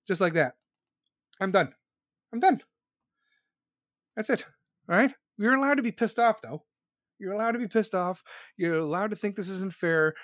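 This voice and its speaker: Man, high-pitched, dry close sound, heated profane lecturing monologue. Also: no room sound. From United States. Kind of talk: profane political rant.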